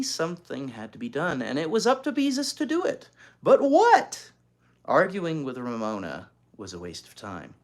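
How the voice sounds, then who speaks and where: A reader narrating a children's chapter book aloud, adding chatty asides to young listeners. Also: mid-range voice. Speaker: storybook reader.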